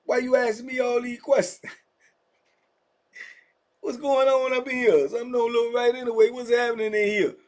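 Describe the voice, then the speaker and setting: A man's voice: extremely high pitch, little pitch movement, normal speed, long pauses, pitched above the performer's own voice. A man playing a menacing male prisoner who coldly threatens and keeps pressing with questions, in a spoken prison story. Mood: suspicious.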